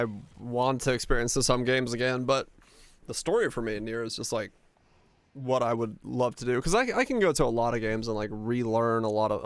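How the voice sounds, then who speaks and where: A man's voice: mid-range voice, clean tone, no room sound. A man streaming live, rambling casually to his viewers with lots of filler words. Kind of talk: casual livestream chat with viewers.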